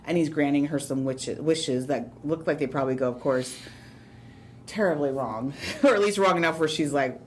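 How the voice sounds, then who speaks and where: Chatty woman podcast co-host, lowish voice. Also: moderate pace, a little hiss or hum. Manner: chatty, laughs often, filler-heavy. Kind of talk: casual chat.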